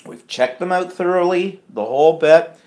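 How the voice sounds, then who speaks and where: Chatty man, fairly high voice. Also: moderate pace, darkish tone. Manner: chatty storytelling, acting out quoted lines. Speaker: podcast co-host. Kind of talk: casual chat.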